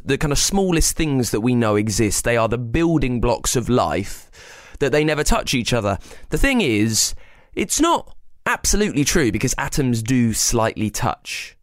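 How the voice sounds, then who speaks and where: A man with a slightly gravelly voice explains science to children in a playful, chatty way, often asking the listener questions. His pitch swings up and down with lots of life. The recording is dry and close, with no room sound. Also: big pitch swings, measured pace, no room sound. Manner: playful, talks straight to young listeners. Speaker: host of a children's science podcast.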